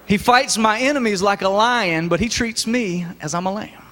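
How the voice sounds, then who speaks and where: High-voiced preacher in an echoey church. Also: male voice, normal speed. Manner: lively, folksy, joking with the congregation. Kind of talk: sermon. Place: church sanctuary.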